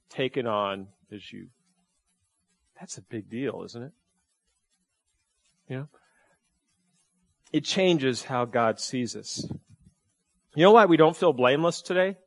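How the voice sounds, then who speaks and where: A male pastor giving a sermon in a conversational way, asking the congregation many rhetorical questions and often repeating and restarting phrases. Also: medium pitch.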